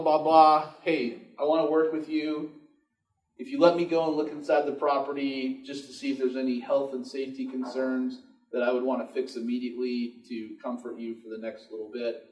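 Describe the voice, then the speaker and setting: A man's voice: mid-range voice, flat delivery, fairly quick, darkish tone. A man teaching landlords at a live workshop, casually telling stories and acting out the dialogue. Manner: casual storytelling, acts out dialogue. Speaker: real estate investor teaching a workshop. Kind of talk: live workshop talk to an audience. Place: room with an audience. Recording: echoey room recorded from far off.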